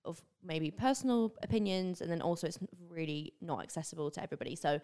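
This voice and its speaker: A young woman from northern England, her accent softened by years in the south, chatting openly and animatedly as a guest on a podcast. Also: on the low side, fast talker. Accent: northern English, softened by years in the south. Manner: animated, drops into silly put-on voices. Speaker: online creator, guest. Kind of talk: casual podcast chat.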